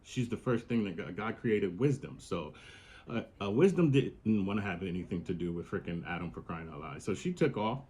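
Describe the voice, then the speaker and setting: A man's voice: low voice, animated, moderate pace, dark tone. A man hosting a podcast, retelling a story in a casual, profane, slangy monologue. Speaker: podcast host.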